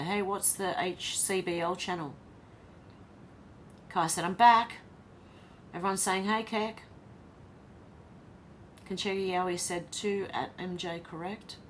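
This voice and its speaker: A faint hiss or hum accompanies this Australian woman's fairly low, slightly bright voice. As host of a relaxed livestream, she reads out what viewers write and talks back between comments.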